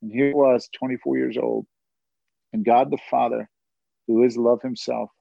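A man's voice: medium pitch, very animated, normal speed, creaky, dry recording, highs cut off. A man giving a personal faith testimony, telling his story earnestly with occasional laughs and asides.

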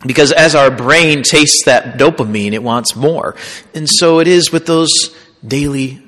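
A man, a priest, preaching a sermon as a storyteller, swinging from loud punchy lines to hushed ones. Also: a little high, a little slow. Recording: long hall reverb.

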